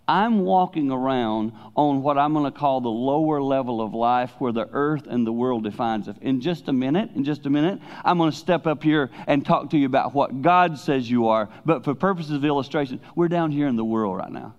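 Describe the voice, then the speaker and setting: Speaking fairly quickly with few pauses, a middle-aged man preaches loosely and conversationally as a pastor. His mid-register voice often softens to hushed tones to stress a point. The audio is dull and low-fidelity.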